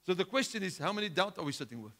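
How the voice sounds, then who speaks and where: A male pastor preaching a sermon, driving his points home with rhetorical questions and swinging between loud outbursts and hushed lines. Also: sits high, big pitch swings, racing.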